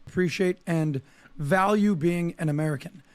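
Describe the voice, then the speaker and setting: A man with a fairly high voice gives animated, preachy political commentary in casual talk. His voice is dry, with no room around it. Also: moderate pace, clean tone, no echo. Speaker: guest commentator.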